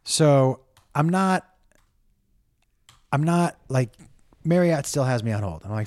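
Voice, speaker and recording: A man's voice: fairly high pitch, unhurried, long pauses, no room sound, clean studio sound. A man hosting a live stream, telling a rambling, profane story to his viewers in a casual way. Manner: animated, profane, rambling with many restarts.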